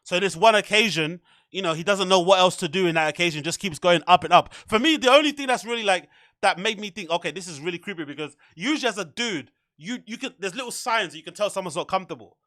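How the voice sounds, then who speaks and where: Young guy podcast host, high-ish voice, rambly and sweary, dry close sound. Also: fast talker, no echo. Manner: rambling, animated, swears a lot, filler-heavy. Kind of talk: casual chat.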